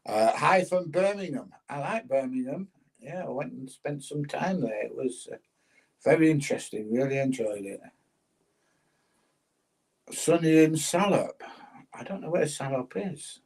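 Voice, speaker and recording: A man's voice: on the high side, lively intonation, a little slow, gravelly, pauses often, a little mellow, breathy edge, low-quality recording. An older man casually chatting on a livestream, reading out viewer comments and laughing as he goes. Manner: chatty, laughs often, plain-spoken. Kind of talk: casual chat.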